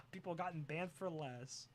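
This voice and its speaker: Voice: mid-range voice, slow pace, slight background noise. A live streamer chatting casually with viewers, joking, teasing and often breaking into laughter.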